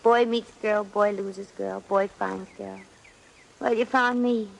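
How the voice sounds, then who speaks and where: A woman's voice: medium pitch, steady tone, takes it slowly, vocal fry, a little hiss or hum, rough recording. An actress playing a slangy, wry American shop girl in a 1940s radio drama. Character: wisecracking American shop girl posing as a lady.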